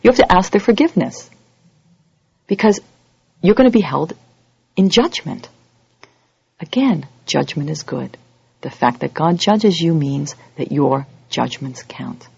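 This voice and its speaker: Gravelly-voiced woman giving a lively lecture. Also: measured pace, long pauses, dry recording. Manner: animated, acts out quoted voices with big pitch jumps. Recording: dull lo-fi audio recording.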